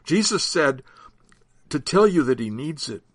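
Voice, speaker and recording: A man voicing an earnest, slightly nervous older male disciple in a read-aloud Bible story, with a husky voice. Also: fairly high pitch, very animated, measured pace, no echo, clean studio sound, voice pushed up. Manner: polite, hesitant.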